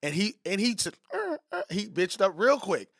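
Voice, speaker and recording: A man and comedian chatting casually on a podcast, telling animated stories and acting out little voices. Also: high-pitched, moderate pace, creaky, no echo, studio quality. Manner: animated storytelling, acts out voices.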